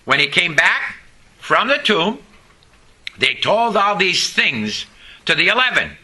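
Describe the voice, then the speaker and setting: A man's voice: high voice, sing-song, slow, sharp tone, low-quality recording. A man preaching a sermon, telling personal stories and drawing responses from the congregation. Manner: storytelling preacher with audience call-and-response. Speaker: pastor.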